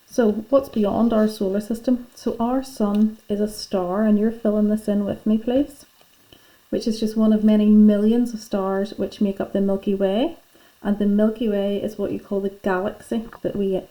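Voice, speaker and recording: Mellow-voiced woman teacher. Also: mid-range voice, low-quality recording. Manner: patient and chatty, talks pupils through filling in notes. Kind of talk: classroom lesson going through worksheet notes.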